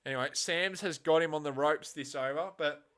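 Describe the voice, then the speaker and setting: A man hosting a casual live reaction stream of a match, swinging from quiet muttering to loud, exasperated outbursts and swearing bluntly. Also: on the high side, brisk.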